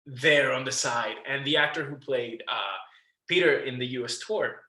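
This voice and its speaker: A man guest on a casual interview podcast, telling a backstage story with lively acted-out quotes, swearing and laughing. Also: medium pitch, normal speed, echoey room, rough recording. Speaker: guest, musical theatre actor.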